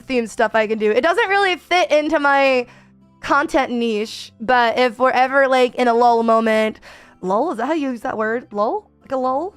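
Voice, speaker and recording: High-voiced rambling woman streamer. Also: clear, resonant tone. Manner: rambling, many fillers, reads chat aloud. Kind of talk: casual chat with chat readers.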